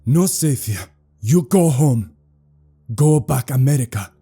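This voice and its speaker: A man voicing a menacing male jungle warrior leader who shouts in broken, halting English. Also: mid-range voice, lively intonation, breathy edge, faint music behind, voice pushed up, full character voice. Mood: furious shouting.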